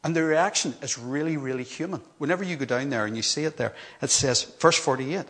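A man's voice: fairly high pitch, fairly quick, few pauses, fairly bright tone. A middle-aged man preaching a sermon, telling the story with earnest, emphatic repetition.

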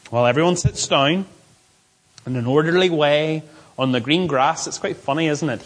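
Male pastor, a touch higher-pitched than most men, delivers a sermon with emphatic repetition and drawn-out words. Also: poor audio. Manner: emphatic, repeats key phrases, stretches words slowly.

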